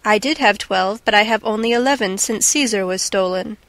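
A woman's voice: mid-range voice, a little fast, fairly bright tone, dry recording, lightly acted. A woman voicing a dry, stubborn male head stableman in a plain, matter-of-fact tone.

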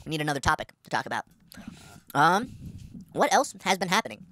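Fast-talking man rambling in his car. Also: on the high side, big pitch swings, bright, forceful tone. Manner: rambling, full of fillers and restarts. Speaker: podcast host. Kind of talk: casual solo podcast chat. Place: inside a parked car.

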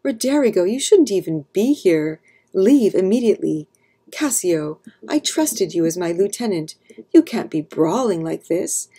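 A woman reading aloud, voicing a male general who speaks calmly and turns stern with his soldiers. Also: lowish voice, unhurried, breathy edge, full character voice. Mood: angry. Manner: calm, turning stern. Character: male general, calm but stern commander.

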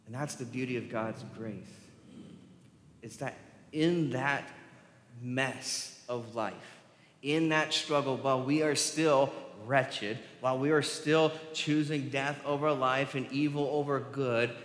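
A man's voice: medium pitch, steady tone, slow, fairly bright tone. Male pastor, sermon delivery, impassioned with emphatic swells, church hall reverb. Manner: impassioned, rising to emphatic peaks when quoting scripture. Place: church sanctuary.

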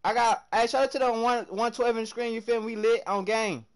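A young man from the American South streaming a game live, chatting with his viewers in hyped, slangy bursts that swing between loud and soft. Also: very high voice, steady tone, fairly quick.

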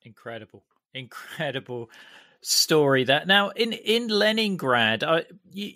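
A man hosting an interview, asking questions in a halting way with repeated words. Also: fairly high pitch, sharp tone, no echo, studio quality. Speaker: podcast host.

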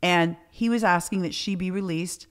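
Lower-pitched woman telling a profane story. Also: moderate pace. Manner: profane, animated storytelling with quoted dialogue. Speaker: podcast host. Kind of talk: casual storytelling chat.

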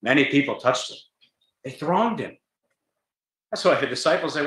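Urgent preacher in an echoey tent. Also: male voice, fairly low pitch, fairly quick, a bit bright. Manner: earnest, urgent rhetorical questions. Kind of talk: gospel sermon. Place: large tent.

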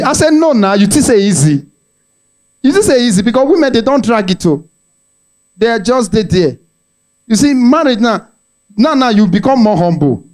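A man's voice: high-pitched, moderate pace, pauses often. A Nigerian man with a Nigerian accent doing stand-up, telling a family story and acting out its voices with pidgin mixed in. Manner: animated, mixes in Nigerian pidgin, acts out the voices in his stories. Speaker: stand-up comedian.

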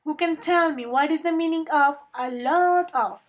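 A woman with a high voice teaches an online grammar class, switching between English and Spanish. She stretches her example sentences out slowly and keeps calling her students affectionate pet names. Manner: slow, drawn-out model sentences.

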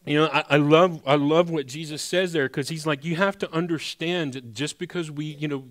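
A man's voice: on the high side, steady tone, normal speed. A man preaching a sermon as pastor. He speaks in a conversational, emphatic way and often restarts his sentences.

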